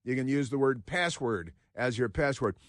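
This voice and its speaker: A man's voice: mid-range voice, animated, normal speed, no echo. Sarcastic radio host guy rambling thru the news, dead dry studio sound. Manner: sardonic, rambling, reads headlines aloud. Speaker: radio talk show host. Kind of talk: talk radio monologue.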